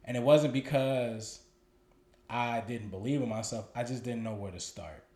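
A man's voice: medium pitch, moderate pace, darkish tone. Roomy-sounding man telling a candid story. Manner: loose, profane, repeats words as he thinks. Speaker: podcast co-host. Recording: roomy echoey room.

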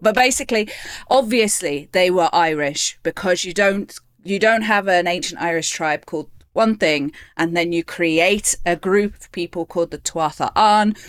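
A woman co-hosting a casual review chat, lively and laughing often. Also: on the low side, no echo. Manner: lively, laughs often, restarts mid-sentence. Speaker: podcast co-host.

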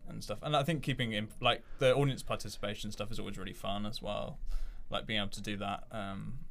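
A man's voice: on the low side, steady tone, fast, creaky, a bit bright. A young man, a sketch comedy writer, chatting casually in an interview, rambling with lots of fillers.

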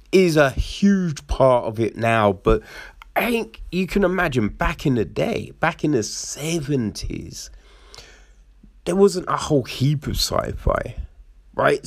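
Man reviewing a book in a casual chat, slow, gravelly, animated, rambling asides. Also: mid-range voice, no room sound, studio quality. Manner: animated, acts out characters in quick quoted voices; rambling with frequent "right?" and "you know".

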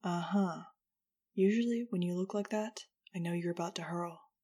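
A woman voicing a quiet teenage boy who speaks low and dry. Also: normal speed, lightly acted. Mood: wry.

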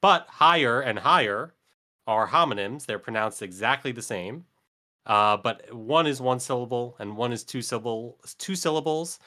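Male podcast co-host with a bright voice, deadpan and mock-formal. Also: mid-range voice, moderate pace. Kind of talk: casual chat.

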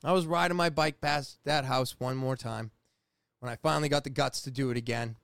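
A man in his forties from New England telling a personal story in a casual, profane, animated way, often restarting his sentences. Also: medium pitch, brisk, vocal fry, clear, resonant tone, no room sound, clean studio sound. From New England, USA. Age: 40s.

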